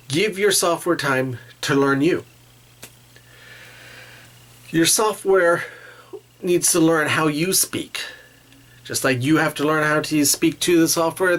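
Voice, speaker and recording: A man hosting a solo podcast, talking through tips in a halting way and often restarting his phrases. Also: a little high, a bit bright. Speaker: podcast host. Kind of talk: casual solo talk with tips.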